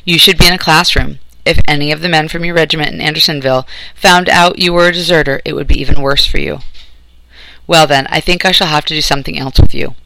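Man reading a weary, kindly officer who was once a schoolmaster, measured and bright-toned. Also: on the high side, steady tone, gravelly, no room sound, low-quality recording. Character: sad-faced balding Confederate officer, kindly former schoolmaster.

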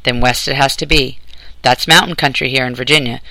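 Man reading a weary, kindly officer who was once a schoolmaster, measured and bright-toned. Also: medium pitch, steady tone, low-quality recording. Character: sad-faced balding Confederate officer, kindly former schoolmaster.

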